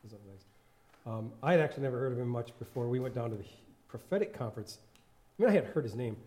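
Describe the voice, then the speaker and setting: A man's voice: medium pitch, dark tone. A man giving an informal sermon in church, rambling and laughing often as he corrects himself. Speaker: worship leader and lay preacher.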